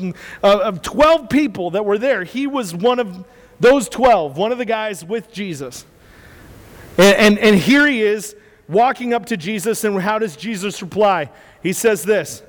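A man with a high voice preaches a sermon conversationally, in a big-room sound. He often stumbles over repeated words and checks in with listeners by asking "right?".

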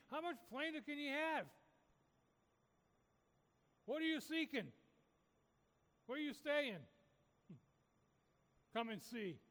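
A man's voice: extremely high pitch, fairly bright tone, big-room sound. A man preaching a sermon, urging his listeners with repeated, rising calls. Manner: repetitive, rising exhortation.

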